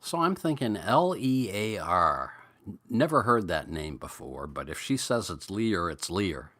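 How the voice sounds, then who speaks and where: A middle-aged man with a New England accent, rambling through stories and greeting viewers on a relaxed live chat. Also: deep voice, a little slow. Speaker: livestream host.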